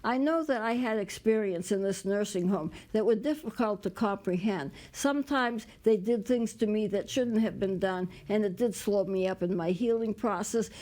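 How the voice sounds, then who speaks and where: A woman preaching a sermon in a gentle, plain-spoken way, with many pauses, fillers and restarts. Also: medium pitch.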